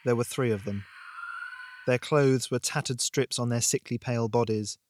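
A man hosting a fiction podcast, reading a tense horror story aloud in a dramatic, measured way. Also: mid-range voice, no echo, clean studio sound. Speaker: podcast host and narrator. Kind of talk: scripted audiobook narration.

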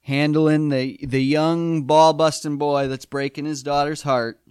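Smooth-voiced man rambling through a recap. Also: a little high, level tone, unhurried, a little mellow, no echo, clean studio sound. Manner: rambling, swears casually, many fillers and restarts. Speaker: podcast co-host. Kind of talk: casual episode recap chat.

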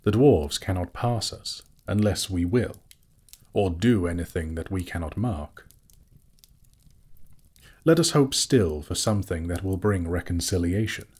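A man voices a proud elf king who speaks in a measured, formal way. The voice stays deep and husky, close to the reader's own. It is a storybook character. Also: animated, a little mellow, exaggerated voice. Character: proud male elf king, cautious and stately. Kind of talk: audiobook character voice.

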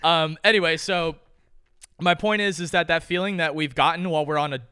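A young man co-hosting a podcast, telling stories in an animated, jokey, profane way. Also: fairly high pitch, fairly quick, smooth, dry recording, studio quality. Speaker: podcast co-host. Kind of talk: casual chat.

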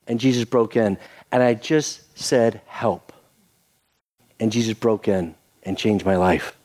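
Older guy pastor preaching, lively up-and-down voice, acting out little quotes, goes soft for prayer. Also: fairly low pitch, a little slow. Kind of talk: sermon.

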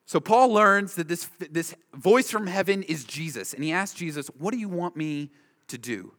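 Emphatic preacher in an echoing hall. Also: male voice, high-pitched, lively intonation, moderate pace, a bit bright. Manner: emphatic, driving home points with repeated short phrases. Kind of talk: expository sermon. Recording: long reverb of a large hall.

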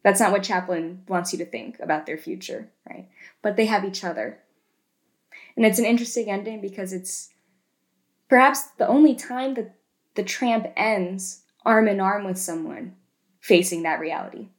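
A woman co-hosting a casual podcast, retelling film scenes in an animated way and tagging lots of questions. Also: mid-range voice, normal speed. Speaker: podcast co-host.

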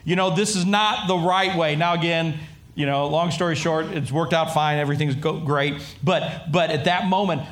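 A middle-aged male pastor preaching a sermon in an animated way, acting out voices and often repeating himself. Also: fairly high pitch.

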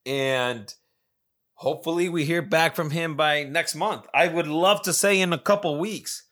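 Brief: male solo podcast host, English as a second language, loose profane rambling, bright tense tone. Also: on the high side, unhurried. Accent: non-native English. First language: not English. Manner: rambling, profane, many restarts and repetitions. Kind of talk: casual solo podcast monologue.

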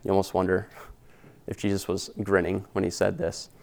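A man's voice: low voice, monotone, moderate pace, gravelly, a little mellow. A man preaching an expository sermon as pastor, earnest and conversational, retelling scripture in casual everyday words. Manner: earnest and conversational, with slangy paraphrase.

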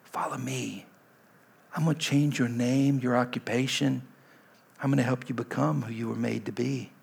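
A man preaching acts out Jesus gently coaxing a tired fisherman to follow him. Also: medium pitch, steady tone, moderate pace, gravelly, slightly rough, voice pushed down. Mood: soft.

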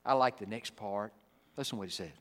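A man preaching a sermon. He acts out the people in the story and swings between booming lines and hushed ones. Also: quick pace, in a large hall. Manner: dramatic, acts out the Bible figures, swings from loud to hushed.

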